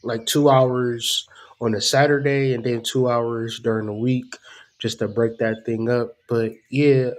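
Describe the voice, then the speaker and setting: A man's voice: medium pitch, level tone, unhurried. A man hosting his own channel as a spiritual teacher, ranting casually in slang and swearing freely.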